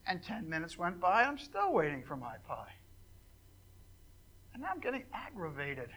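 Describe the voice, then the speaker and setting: An older male pastor preaches in a relaxed, conversational way. He tells folksy stories and jokes with his listeners. His voice sits high and sounds bright and ringing. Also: moderate pace, breathy edge, poor audio. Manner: folksy storytelling with joking asides and fillers. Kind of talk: informal sermon to a congregation.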